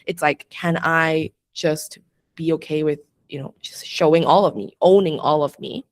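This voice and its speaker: A woman's voice: low voice, fairly even intonation, moderate pace, no echo. A young adult woman, a podcast guest and astrologer, chatting reflectively with lots of "like" and frequent laughter. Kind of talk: casual interview chat.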